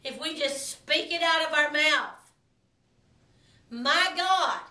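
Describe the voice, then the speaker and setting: A woman minister delivering a sermon in a slow, emphatic preaching cadence. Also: high-pitched, bright, forceful tone, echoey room, distant mic.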